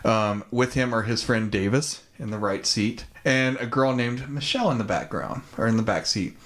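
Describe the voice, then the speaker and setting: A man's voice: medium pitch, moderate pace, a bit bright. A man, co-hosting a podcast and casually retelling a movie plot, with plenty of ums, likes and swearing. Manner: laid-back, profane, many ums and likes. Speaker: podcast co-host. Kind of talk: casual chat retelling a film.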